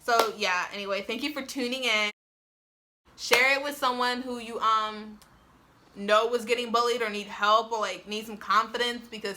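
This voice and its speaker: In a casual vlog shot on a phone on a tripod, a young woman shares a personal story, laughing often and peppering it with "like." Her pitch runs on the high side, her intonation fairly even, her tone sharp, at a moderate pace.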